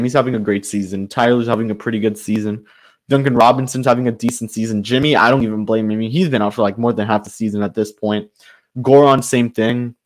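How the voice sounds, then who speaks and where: A man hosting his own sports channel, giving a frustrated, loosely improvised commentary rant full of restarts. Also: medium pitch.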